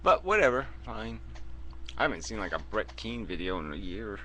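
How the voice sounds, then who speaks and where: A man's voice: lowish voice, big pitch swings, moderate pace, bright, forceful tone, slight background noise. A man talking bluntly and dismissively in a casual, profane group chat. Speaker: video host debating in a live chat.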